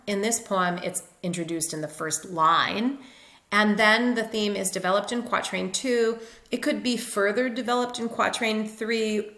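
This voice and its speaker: A woman's voice: medium pitch, vocal fry, a bit bright, roomy sound. A woman literature teacher explaining step by step over slides in a recorded lecture. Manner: methodical, explanatory.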